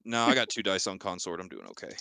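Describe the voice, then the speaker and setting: A man's voice: low voice, big pitch swings, fast talker, vocal fry, sharp tone, no room sound, studio quality. A man playing a tabletop game, easygoing as he talks through his character's moves. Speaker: player.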